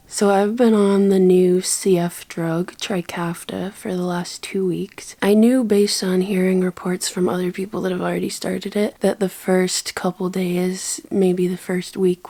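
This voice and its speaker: A young woman speaking candidly in a personal video diary, her voice often dropping to a soft near-whisper. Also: on the low side, little pitch movement, measured pace. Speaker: vlogger.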